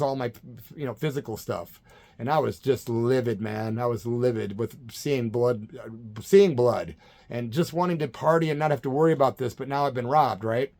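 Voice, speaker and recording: Animated man telling a wild story. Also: on the high side. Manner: animated, acts out quoted voices, swears casually. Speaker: punk vocalist telling a story. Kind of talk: casual storytelling.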